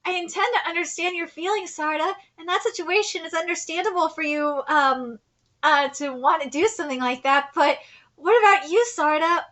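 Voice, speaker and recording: A hurt young woman from a comic, pleading and a little hesitant as she confronts her friend, read out by a woman. The voice sits high and bright. It stays soft and unsure. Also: brisk.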